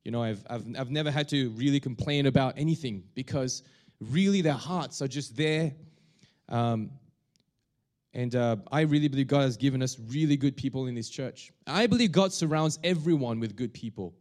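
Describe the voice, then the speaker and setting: A male pastor preaching a sermon, talking in a halting way with many restarts and fillers. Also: medium pitch, a little mellow.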